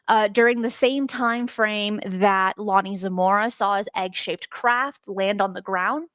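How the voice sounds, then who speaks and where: Woman, live-stream host, excited and chatty, talks to viewers, higher voice, dry sound. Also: no echo. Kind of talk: live-stream case study talk.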